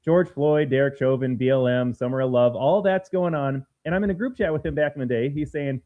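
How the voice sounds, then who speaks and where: A man co-hosting a political talk show, speaking in an animated, emphatic, sarcastic way. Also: medium pitch, a little fast, few pauses. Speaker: podcast co-host. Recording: phone-like narrow sound.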